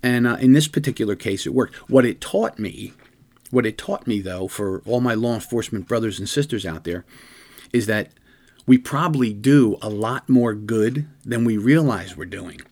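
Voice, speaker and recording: A man's voice: on the low side, normal speed, darkish tone. Earnest man telling a police story. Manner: earnest, rambling, with frequent restarts. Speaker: podcast host and police detective. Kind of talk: conversational storytelling.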